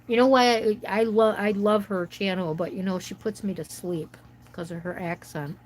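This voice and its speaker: A woman from the States chats through a relaxed coloring livestream, wandering from one thought to the next as she talks to her viewers. Her voice sits at a middle pitch, and a faint hiss hangs behind it. She sometimes drifts a little off the mic. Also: moderate pace, low-quality recording. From United States. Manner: rambling, chatty, talks to viewers' comments. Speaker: livestream host. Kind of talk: casual chat while coloring.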